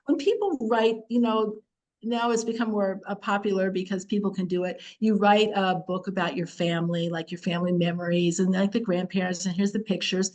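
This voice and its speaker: A middle-aged woman leads a relaxed Torah class in a chatty, lively way. She acts out the scripture with humor as she reads it. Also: medium pitch, brisk, low-quality recording. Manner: chatty and expressive, acting out the verses with humor. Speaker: Torah teacher.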